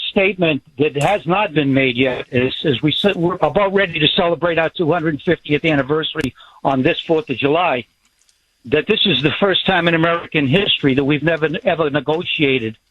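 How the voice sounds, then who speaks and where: A male caller on a dull, lo-fi phone line, with a somewhat high voice in a dry sound. He talks in an earnest, halting way, stopping to restart his words. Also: dry recording. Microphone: telephone.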